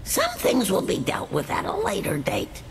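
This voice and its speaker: A woman's voice: mid-range voice, wildly swooping pitch, normal speed, vocal fry, background noise. A woman voicing a weary cartoon mother, resigned in tone, heard as a clip played in a hall.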